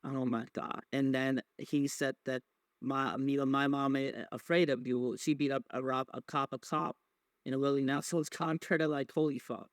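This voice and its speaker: A man's voice: mid-range voice, level tone, normal speed, dry recording. Podcast guy rambling on, swears a lot, lots of uh and you know, dry close mic. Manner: rambling, profane, with many fillers and restarts. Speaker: podcast host. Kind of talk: casual wrestling recap chat.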